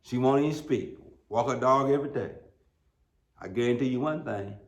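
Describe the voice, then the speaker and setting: Folksy, humorous stories with emphatic peaks fill the sermon of this middle-aged American pastor, preaching in a church sanctuary. His mid-range voice moves at normal speed, captured with a roomy church sound.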